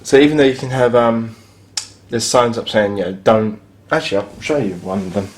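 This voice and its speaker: A man's voice: medium pitch, a little fast. A man with an ordinary, mid-range voice talks his way through a hotel review as he films. He is blunt and a little sarcastic, grumbling about broken fittings in a casual, offhand way. The sound is that of a handheld camera in a hotel room. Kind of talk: casual spoken review while filming.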